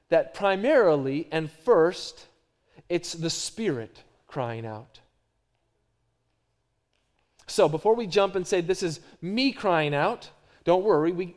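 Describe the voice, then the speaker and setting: A middle-aged man with a high-pitched voice preaches a sermon. His delivery moves between quiet, dropped phrases and louder emphatic runs of repetition. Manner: varies from hushed to loud, repetitive emphatic phrasing. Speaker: pastor.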